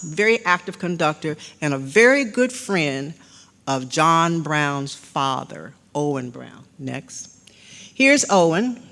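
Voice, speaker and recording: A woman's voice: on the low side, bright, forceful tone. An older woman giving a slide-show history lecture, chatty and informal, calling for the next slide. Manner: conversational, with frequent fillers and restarts, cueing slides with "next". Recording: long hall reverb.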